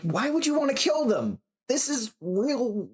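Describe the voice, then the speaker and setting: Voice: high-pitched, sing-song, unhurried, slightly rough, voice pushed up, exaggerated voice. A reader voicing a male police detective who sounds incredulous and exasperated.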